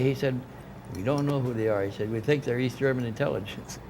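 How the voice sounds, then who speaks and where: Music plays in the background as an older man of medium pitch talks at a quick pace. Being interviewed about his experiences, he rambles through a long story and performs the dialogue he quotes.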